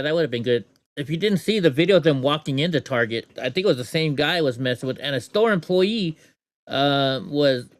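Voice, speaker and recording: A man's voice: a little high, no room sound. A man hosting a casual show, commenting on news clips with sarcastic asides. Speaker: host reacting to clips.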